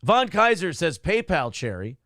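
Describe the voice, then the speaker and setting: A man's voice: on the high side, sing-song, measured pace, sharp tone, no room sound, clean studio sound. A man hosting a casual live show, joking crudely and reading out viewer messages. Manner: joking, reads chat messages aloud.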